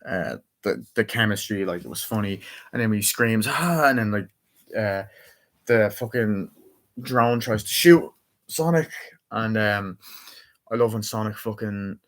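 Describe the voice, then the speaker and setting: A young man talks through a movie he clearly enjoyed, in a loose, rambling vlog delivery packed with fillers and curses. His voice sits a little low for a man. He keeps circling back to favourite scenes with eager energy. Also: unhurried. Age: young adult. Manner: rambling, full of fillers and swearing; enthusiastic retelling of scenes. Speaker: movie reviewer. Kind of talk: casual spoken movie review.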